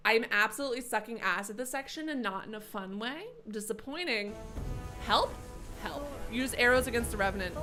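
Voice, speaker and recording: A young woman with a fairly high voice chats and swears her way through a live game stream, mocking her own skills. Game music plays clearly behind her. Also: brisk. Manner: chatty and self-mocking, swears often. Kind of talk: live gameplay commentary chatting with viewers.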